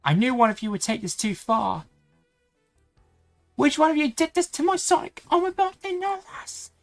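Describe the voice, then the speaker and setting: Man putting on a shrill, fierce girl hedgehog. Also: big pitch swings, moderate pace, soft background music, full character voice. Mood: outraged. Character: young female hedgehog, lovestruck and fierce.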